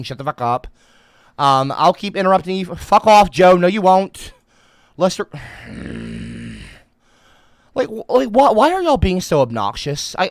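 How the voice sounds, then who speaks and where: A man hosting a livestream, ranting at his chat in a heated, profane way. His voice is bright and tense and swings widely in pitch as he stammers and bursts into shouting. The sound is dry and close, with no room around it. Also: dry recording. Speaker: livestream host.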